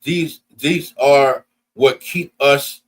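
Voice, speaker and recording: A man's voice: mid-range voice, drawn-out words. A man preaching at a Sabbath service, often breaking in with "you understand?" and calling out to the congregation. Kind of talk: sermon and closing announcements.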